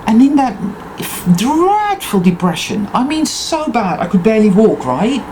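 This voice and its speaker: A woman talks in an intense, emphatic monologue that swears freely. Her pitch swings widely, and her tone stays mellow and warm. Faint noise sits behind her. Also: very animated, a little slow, rough recording. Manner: emphatic, intense and profane self-affirmation. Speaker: spiritual vlogger. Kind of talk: unscripted personal monologue.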